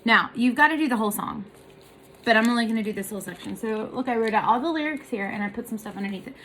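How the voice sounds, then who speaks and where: A woman's voice: on the high side, fast, a bit bright, a little hiss or hum. A woman giving a casual music lesson, explaining in a chatty way and singing short examples. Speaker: voice teacher.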